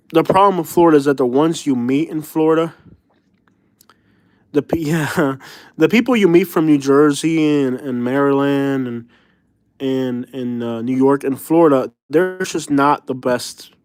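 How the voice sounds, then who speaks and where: A man's voice: a little high, measured pace, darkish tone, no room sound. Rambling, chuckling male live streamer. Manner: rambling, chuckling, lots of fillers and slang like "bro". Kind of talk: casual live-stream chat.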